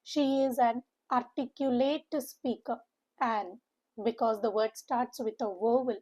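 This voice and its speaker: A woman teaching vocabulary, spelling out sounds slowly and repeating words for emphasis. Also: fairly high pitch, fairly even intonation, a little mellow, poor audio. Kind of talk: online vocabulary lesson.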